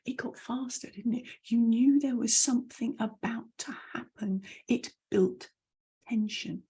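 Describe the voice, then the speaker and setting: A middle-aged woman teaching voice skills, demonstrating each point by swinging between loud and soft, fast and slow. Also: a little high, vocal fry, husky. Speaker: voice and message coach. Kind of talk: online training talk.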